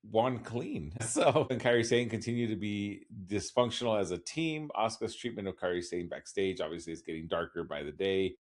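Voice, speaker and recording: A man's voice: lowish voice, expressive, normal speed, few pauses. A man co-hosting a casual podcast recap, rambling along with wry laughs. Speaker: podcast co-host.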